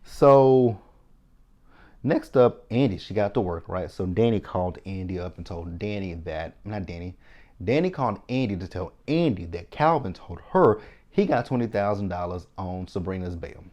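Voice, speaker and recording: A man in his thirties with a deep, low-set voice runs through a TV episode recap. He tells it casually and with energy, dropping in slangy comments and acting out what the characters said. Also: normal speed, highs cut off. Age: 30s. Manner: animated retelling with slangy asides, quoting characters. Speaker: TV recap host.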